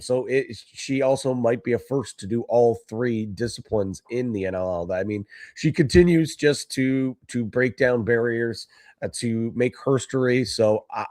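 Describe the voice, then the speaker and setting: A mid-pitched man, a lacrosse broadcaster, talks as a guest in a measured, articulate way. His voice is plain and even, recorded dry with no room sound. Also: no echo. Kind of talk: casual sports talk.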